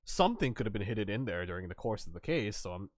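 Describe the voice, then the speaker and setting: Young male streamer, rambling casual chat, lively swinging pitch, dry close sound. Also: quick pace, no room sound. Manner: rambling, laughs, swears, acts out quotes.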